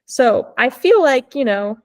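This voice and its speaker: A woman's voice: high voice, lively intonation, unhurried. A young woman telling a personal story as a podcast guest, chatty and full of "like", swearing freely. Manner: acts out quoted dialogue. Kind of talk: casual storytelling.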